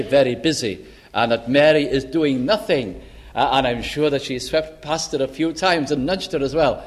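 A man preaching a sermon in a slow, deliberate and emphatic way, with dramatic pauses. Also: medium pitch.

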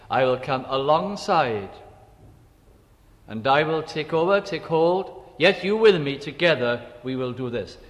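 A man preaching a sermon, slow and emphatic, repeating key phrases and dropping to quiet asides. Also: fairly high pitch, in a large hall.

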